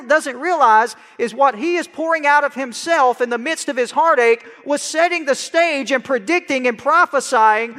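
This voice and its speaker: A middle-aged man preaching a sermon as pastor, animated and dramatic, crying out scripture lines. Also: extremely high pitch. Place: church sanctuary. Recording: long hall reverb in church.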